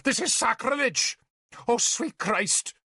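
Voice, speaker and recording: A man voicing a self-pitying bishop who wails, pleads and snaps in a high, strained voice. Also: animated, takes it slowly, bright, forceful tone, slightly rough, dry recording, clean studio sound, exaggerated voice. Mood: hysterical. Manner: wailing, melodramatic, pleading. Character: shrill, hysterical, self-pitying old bishop.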